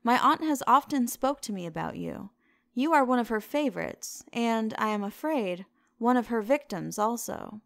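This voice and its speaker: A woman reading the lines of a witty, languid aristocratic gentleman in a storybook reading, in a teasing, drawling way. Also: on the high side, animated, normal speed, creaky, dry recording, studio quality. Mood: suave.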